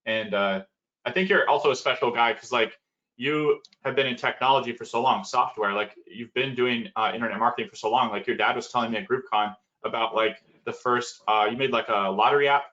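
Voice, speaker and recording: A male host speaks casually on a video call, pausing often and stacking up his thoughts with fillers. His voice sounds bright and edgy. The call audio is dull and low in fidelity. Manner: rambling, many fillers. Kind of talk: casual webinar talk.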